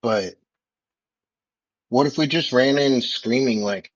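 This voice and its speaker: A man with an unhurried, earnest way of talking, rambling on naively as his tabletop character. The sound is dry and a little lo-fi, as if from a modest home mic. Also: on the low side, dry recording. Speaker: player. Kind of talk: tabletop role-play, in character. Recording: dull lo-fi mic.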